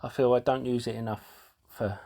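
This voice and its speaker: A man hosting a casual talk show, explaining things in a halting way with fillers and restarts, and sounding out of breath. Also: mid-range voice, level tone, creaky, warm tone. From United Kingdom. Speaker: host.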